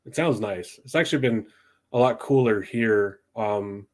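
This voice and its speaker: Low-voiced young man rambling on a livestream. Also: a little slow. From southeastern United States. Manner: rambling, thinks aloud with many ums. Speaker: podcast host. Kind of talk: casual livestream chat.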